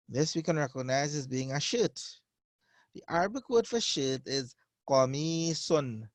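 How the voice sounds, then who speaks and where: A man teaching a beginner Arabic class, patiently repeating each phrase slowly for his learners. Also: on the high side, animated, no echo. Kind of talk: online beginner language lesson.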